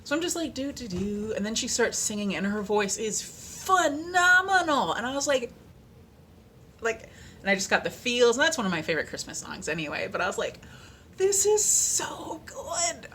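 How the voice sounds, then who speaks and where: A woman vlogger chatting casually, animated and playful, with lots of fillers and little sung snippets. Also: fairly high pitch, a little fast, slight background noise. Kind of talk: casual chat.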